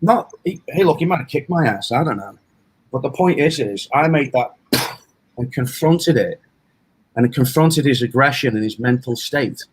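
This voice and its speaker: A man's voice: mid-range voice, lively intonation, moderate pace, slightly rough, low-quality recording. A middle-aged man from England, a self-defense instructor, talking casually in a rambling, storytelling way with lots of restarts and fillers. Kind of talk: casual interview talk.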